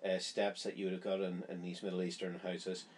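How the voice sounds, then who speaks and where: A man's voice: deep voice, flat delivery, a little fast, a little hiss or hum. A man giving a Bible study, explaining a chapter in an earnest, conversational way. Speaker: Bible teacher.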